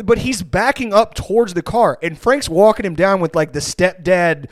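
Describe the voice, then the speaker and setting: A man hosting a podcast who tells a story in a casual, rambling, profane and animated way. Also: high voice, normal speed, no echo, clean studio sound.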